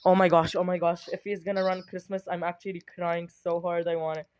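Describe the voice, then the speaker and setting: A young adult streamer giving excited gameplay commentary, giggling, squealing and talking dramatically to themselves. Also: medium pitch, fairly quick, heavy background noise.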